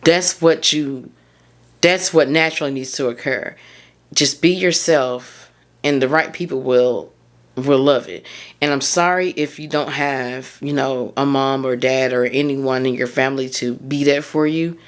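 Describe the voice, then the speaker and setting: A woman's voice: a bass voice, steady tone, unhurried. A woman, hosting a solo podcast and talking candidly and heartfelt, often drifting off track. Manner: candid, heartfelt, rambling and prone to losing her thread. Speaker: podcast host and mindset coach.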